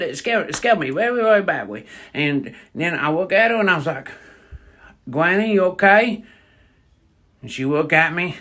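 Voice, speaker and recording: Young male storyteller, crude and deadpan, higher pitch with a bright edge. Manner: crude, rambling, deadpan delivery. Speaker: comedic storyteller. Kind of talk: comedic monologue storytelling.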